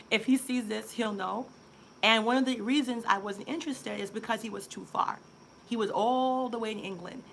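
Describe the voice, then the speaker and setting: A woman's voice: medium pitch, fairly bright tone, slight background noise. A woman, chatting candidly in a vlog as a relationship coach and telling a dating story. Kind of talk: casual vlog monologue.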